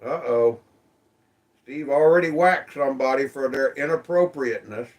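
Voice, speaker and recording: A man's voice: medium pitch, moderate pace, distant mic. A man casually hosting a livestream from his phone, greeting viewers by name in an easygoing way. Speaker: livestream host. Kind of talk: casual livestream chat reading comments.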